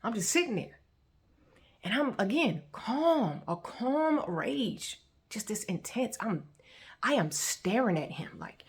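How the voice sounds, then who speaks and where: A woman telling her personal faith testimony in a colloquial, animated way, acting out the scenes as she goes. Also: normal speed. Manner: animated, colloquial, acts out scenes with sharp pitch jumps. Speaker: vlogger sharing a faith testimony. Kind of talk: emotional personal testimony storytelling.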